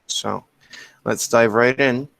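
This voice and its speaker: A man's voice: medium pitch, steady tone, slow, gravelly, a bit bright. A man teaching an online English class, explaining step by step in a patient way and often checking in with "okay?". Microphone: computer mic on a video call.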